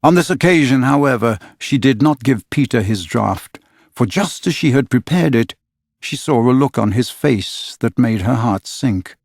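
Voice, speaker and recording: A man's voice: medium pitch, vocal fry, dry recording. Man narrating a storybook, dry sound. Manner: measured storytelling, expressive. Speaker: audiobook narrator. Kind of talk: scripted narration.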